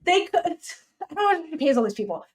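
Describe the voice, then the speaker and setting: Woman podcast co-host, fairly high pitch, animated casual recap. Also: fast talker. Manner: animated, swears freely, acts out characters' lines.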